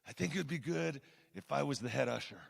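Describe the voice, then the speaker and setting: Man doing a terse, hushed mob-style heavy, gravelly and low, reverb trailing off. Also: animated, quick pace. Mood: low menace. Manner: low, quiet, clipped delivery. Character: hulking intimidating middle-aged man, soft-spoken and terse.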